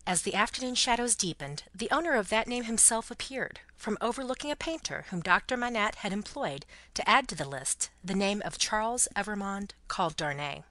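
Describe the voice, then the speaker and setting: A woman giving expressive scripted narration of a classic novel for listening practice. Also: medium pitch, dry recording. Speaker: audiobook narrator.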